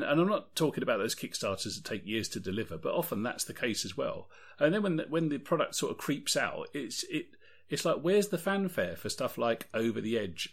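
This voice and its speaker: A man with a mid-range, slightly breathy voice co-hosts a casual podcast, rambling and opinionated as he talks about tabletop games.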